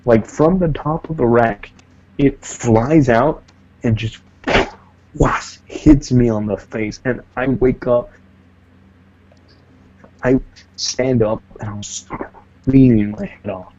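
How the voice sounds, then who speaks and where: A man co-hosting a podcast, telling a story in a casual, profane, animated way and acting out the voices of the people in it. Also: medium pitch, slow, long pauses, muffled recording, slight background noise. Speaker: podcast co-host.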